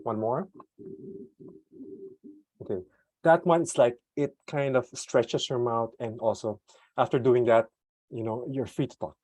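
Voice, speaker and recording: With no room sound, a man talks about product management online through a desktop USB microphone. He's casual, mixing in fillers and light laughs, swinging broadly in pitch and loudness, and using deliberate pauses and slowdowns.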